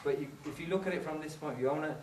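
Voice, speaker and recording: A Sikh religious speaker addresses a congregation in a high, very fast, slightly mellow voice, mixing English with other phrases and acting out quoted voices. He's recorded from a distance in a roomy hall, with a little hiss or hum.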